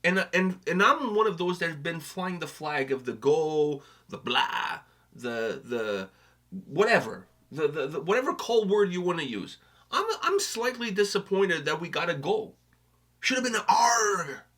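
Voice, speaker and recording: A man's voice: fairly high pitch, normal speed. A man from Portugal co-hosting a music reaction, chatting casually and joking, with some swearing. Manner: animated, joking, swearing, trailing off into quieter asides. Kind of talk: casual chat.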